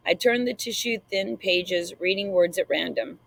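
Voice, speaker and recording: Woman with a gravelly literary reading voice. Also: medium pitch, fairly bright tone, no room sound, poor audio. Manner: measured, reflective reading. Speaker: audiobook narrator. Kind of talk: first-person literary narration.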